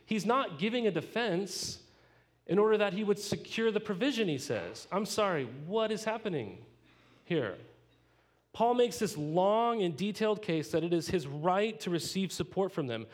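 A male pastor with a high-sitting voice delivers a conversational sermon at a normal speed. He teaches in a casual, animated way, throwing rhetorical questions to the congregation and adding playful asides.

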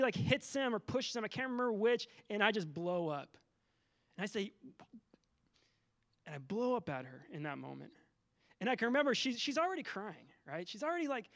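A man's voice: high voice, vocal fry, a bit bright. A man in his thirties giving a sermon, telling a candid personal story with many restarts and fillers. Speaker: teacher giving a church teaching.

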